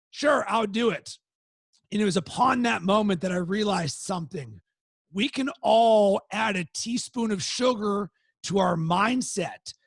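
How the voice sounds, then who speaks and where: A man hosting a motivational webinar, his higher voice edged with gravelly fry. He tells stories with energy and acts out the quoted outbursts in them. The sound is dry and close, with almost no room. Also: no echo. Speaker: webinar host. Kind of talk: motivational talk.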